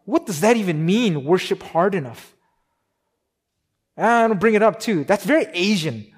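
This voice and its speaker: A man preaching a sermon in a conversational way, with many restarts and fillers. He gets louder for emphasis and drops soft and slow on key points. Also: sits high, lively intonation, breathy edge. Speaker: pastor.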